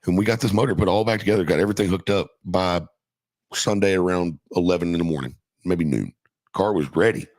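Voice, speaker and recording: A man's voice: low voice, brisk, darkish tone, no echo. A middle-aged man casually telling a profane, laughing story from his youth as a podcast guest.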